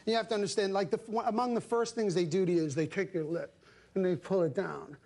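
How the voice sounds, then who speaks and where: A man with a high-pitched voice tells stories as a talk show guest. He acts out the voices of the people in his stories. He laughs easily as he talks. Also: fast talker, creaky. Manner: animated storyteller, acts out voices, laughs often.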